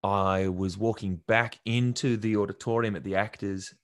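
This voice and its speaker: A young man tells stories in a casual interview, his voice sitting low and animated as he slips into other people's lines. The sound is close and dry, with no room around it. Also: normal speed, no room sound. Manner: animated, acts out quotes from others. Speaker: actor guest.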